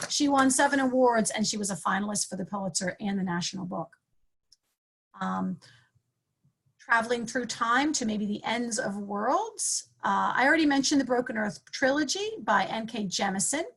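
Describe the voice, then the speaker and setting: A woman's voice: medium pitch, fairly bright tone, husky. A woman English professor talking through book recommendations in a conversational way, with frequent ums and self-corrections. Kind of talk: recorded book-recommendation talk.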